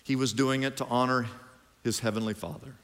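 A man's voice: mid-range voice, fairly even intonation, brisk, fairly bright tone. A middle-aged man preaching a sermon as pastor, drawing lines out and leading the congregation in call-and-response. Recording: long hall reverb.

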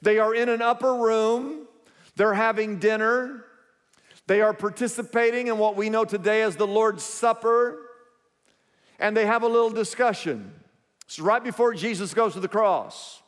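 A man's voice: sits high, normal speed. A man preaching a sermon to his congregation. He speaks with emphasis and calls on the crowd to repeat words back to him. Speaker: pastor. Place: large church auditorium. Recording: long hall reverb.

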